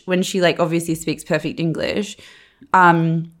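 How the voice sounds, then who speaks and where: A woman's voice: fairly low pitch, flat delivery, normal speed. A young woman co-hosting a podcast in casual chat, emphatic and teasing, swearing freely. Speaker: podcast co-host.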